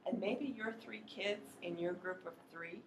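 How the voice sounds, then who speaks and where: A woman training teachers in a workshop, explaining in a practical, chatty way and slowly sounding out words to demonstrate. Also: fairly low pitch, echoey room, a little hiss or hum. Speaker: literacy educator training teachers.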